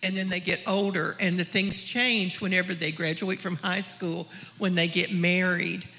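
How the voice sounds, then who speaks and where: A woman's voice: on the low side, fairly even intonation, normal speed, bright, forceful tone. Homespun mother in an echoey hall. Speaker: mother on a panel. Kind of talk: church panel sharing.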